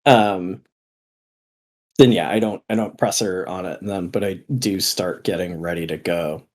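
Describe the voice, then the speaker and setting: Low voiced guy playing a tabletop game, laid back, blunt. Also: steady tone, unhurried, darkish tone. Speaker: player.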